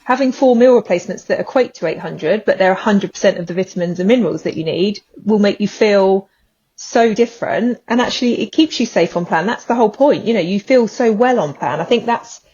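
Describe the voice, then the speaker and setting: Woman, podcast co-host, husky voice, slightly muffled recording, agreeable casual explaining. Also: medium pitch, fairly quick, darkish tone. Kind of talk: casual chat.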